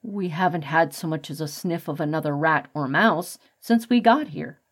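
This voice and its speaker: A woman voicing a relaxed adult male rat who talks in a matter-of-fact way. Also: sits low, normal speed. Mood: plain. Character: easygoing adult male rat, the colony's leader.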